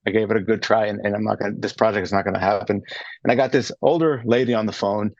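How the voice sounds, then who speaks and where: In a radio studio, a charcuterie maker in his thirties tells his story as an interview guest, rambling with many restarts and fillers. His lowish, slightly mellow voice is steady and fast, and the audio is dull with no echo.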